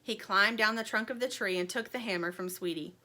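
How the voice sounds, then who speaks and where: A woman reading a children's chapter book aloud in an expressive, friendly storytelling manner. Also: mid-range voice, fairly quick.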